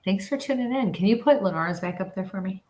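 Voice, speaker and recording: A woman's voice: mid-range voice, animated, fast, darkish tone, slight background noise. Laughing woman medium in an echoey room. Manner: chatty, laughs often, relays messages in quotes. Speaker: psychic medium and livestream host. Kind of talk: casual livestream chat and spirit reading.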